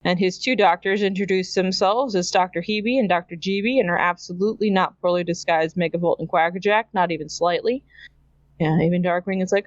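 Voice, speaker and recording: This chatty Canadian podcast host speaks a little fast in a lowish voice while recapping a cartoon episode. She laughs often and imitates characters as she quotes them, and the dry recording has its highs cut off.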